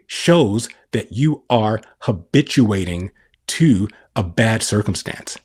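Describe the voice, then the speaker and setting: A man's voice: lowish voice, lively intonation, slow, darkish tone, slightly rough. A middle-aged man on a podcast explaining scripture, asking and answering his own questions. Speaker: podcast guest.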